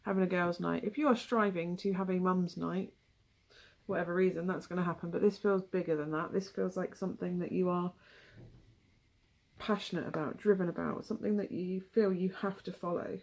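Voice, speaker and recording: A woman's voice: on the low side, fairly even intonation, fairly quick, darkish tone. A young woman with a West Country English accent giving a casual, rambling tarot reading, full of asides and ums. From England. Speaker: tarot reader.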